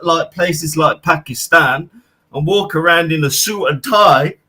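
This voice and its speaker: Over a remote call with a poor connection, a caller from the UK talks brashly and casually to a chat show, cursing heavily and throwing in "bro" all the time. His voice is a little high, bright, and forceful with a breathy edge, and he speaks unhurriedly.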